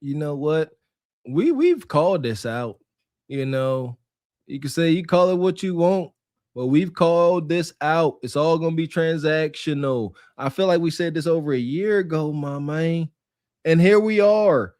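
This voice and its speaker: Male podcast co-host, higher register, emphatic lecturing delivery, dry mic. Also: expressive, measured pace, darkish tone, no echo. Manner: preachy, laughing, emphatic. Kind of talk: casual podcast commentary.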